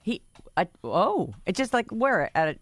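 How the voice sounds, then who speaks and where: A woman co-hosting a talk show, reacting with frequent exclamations and quick jokes in casual banter. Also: medium pitch, big pitch swings, a bit bright, no room sound. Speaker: radio show co-host.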